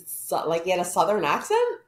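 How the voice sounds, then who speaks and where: Animated young woman co-host in a roomy space. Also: fairly low pitch, fairly quick. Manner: animated reactions, shrieking laughs. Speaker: podcast co-host. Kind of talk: casual chat.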